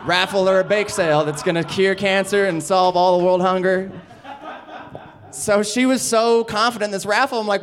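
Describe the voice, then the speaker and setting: A stand-up comedian, a man, telling a rowdy story in casual, animated speech with laughter and swearing. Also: sits high, moderate pace.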